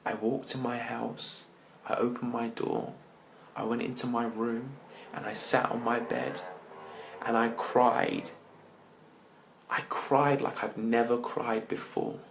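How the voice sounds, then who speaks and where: A man, a motivational speaker, telling his personal story to an audience with dramatic pauses, often dropping his voice to near-whispers. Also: mid-range voice, level tone, gravelly, slight background noise, low-quality recording.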